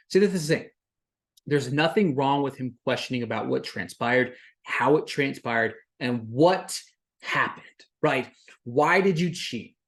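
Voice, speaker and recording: Fired-up podcast host recapping a show. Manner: animated and indignant, with frequent "like" fillers; rises sharply in pitch and volume when worked up. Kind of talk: casual solo recap commentary.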